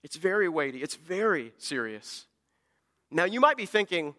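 A man's voice: high voice, very animated, moderate pace, bright, forceful tone, long reverb tail. A man preaching an earnest sermon as a pastor, often stammering and restarting words as he builds his points.

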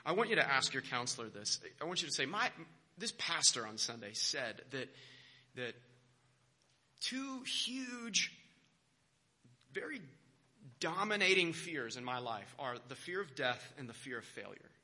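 A man's voice: medium pitch, big pitch swings, normal speed, sharp tone. A young American man, a pastor, giving a conversational sermon full of self-deprecating stories and restarts. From United States.

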